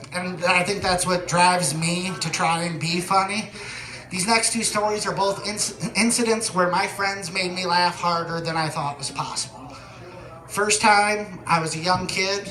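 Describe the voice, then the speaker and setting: A man performing a stand-up comedy set, telling deadpan stories that build to shouted punchlines. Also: high-pitched, normal speed, roomy sound, a crowd in the background. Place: comedy venue stage.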